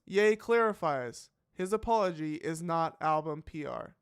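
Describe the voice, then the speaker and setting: A male reaction-show host talks in a loose, musing way, full of "um"s and restarted sentences. His voice sits slightly high and sounds smooth and resonant. The sound is close and dry, with no room echo. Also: expressive, a little slow. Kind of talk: casual live reaction commentary.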